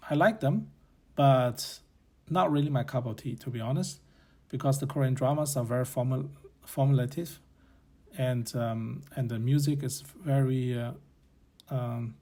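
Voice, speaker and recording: A man's voice: mid-range voice, warm tone. Blunt man musing aloud. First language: Chinese. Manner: blunt, opinionated, rambling with self-corrections. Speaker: podcast host. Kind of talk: casual opinion monologue.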